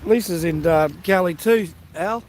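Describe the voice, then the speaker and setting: A man's voice: high-pitched, measured pace, darkish tone, slight background noise. A man hosting a casual livestream outdoors by the sea, chatting and greeting viewers by name. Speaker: livestream host. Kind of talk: casual chat with live viewers.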